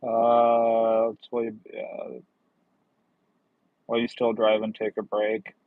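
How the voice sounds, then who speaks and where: A man's voice: lowish voice, completely flat delivery, takes it slowly, no echo, phone-quality sound. A man livestreaming while he drives deliveries, chatting casually with viewers and joking at his own expense. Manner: easygoing, chatty, jokes at himself. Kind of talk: casual live chat, answering viewers' comments. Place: in a car while driving.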